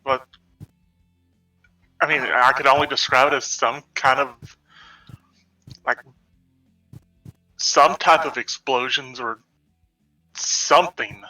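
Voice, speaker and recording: A man's voice: mid-range voice, fairly even intonation, slow, pauses often, pushed and bright, distant mic, faint music behind, rough recording. A man playing a tabletop game, talking hesitantly with many fillers. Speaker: player. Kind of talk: tabletop game play, in character.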